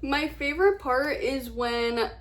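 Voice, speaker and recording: A woman's voice: high-pitched, slow. A young woman vlogger chatting casually about books she read, gushing and rambling, repeating words for emphasis. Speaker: book vlogger. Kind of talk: casual book review chat.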